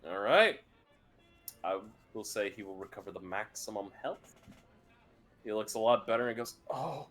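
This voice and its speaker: Low-voiced game master narrating. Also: male voice, normal speed, fairly bright tone, faint music behind.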